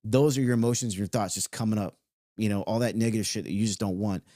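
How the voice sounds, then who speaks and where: A man's voice: on the low side, fairly even intonation, quick pace, warm tone, no room sound, clean studio sound. A man giving a loose, conversational motivational talk, now and then swearing and stretching out words. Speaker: self-help speaker.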